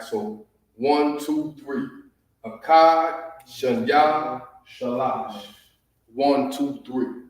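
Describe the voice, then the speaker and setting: A man's voice: medium pitch, darkish tone, far from the mic. A man with a Southern US accent teaching a livestreamed class, repeating words and checking in with listeners. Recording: echoey room, voice from off the mic.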